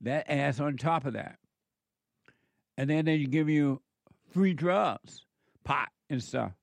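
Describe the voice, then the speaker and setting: A man's voice: a little high, slow pace, gravelly, no room sound. A man hosting call-in talk radio who preaches emphatically and repeats his points for effect. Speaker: radio talk show host.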